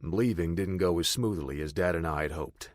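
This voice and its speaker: A man's voice: low-pitched, moderate pace, dry recording, studio quality. A man narrating a first-person audiobook in a plain, matter-of-fact way.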